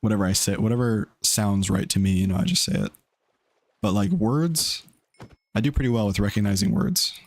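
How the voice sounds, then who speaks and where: A man's voice: lowish voice, normal speed, creaky. A young man casually chatting while streaming a game, rambling and laid-back. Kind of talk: casual gaming stream chat.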